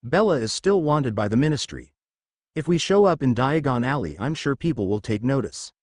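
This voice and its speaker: A man's voice: medium pitch, expressive, moderate pace, darkish tone, no room sound, lightly acted. Give me an earnest, slightly desperate teenage wizard, read by a man, with a dry, close sound. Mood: concerned.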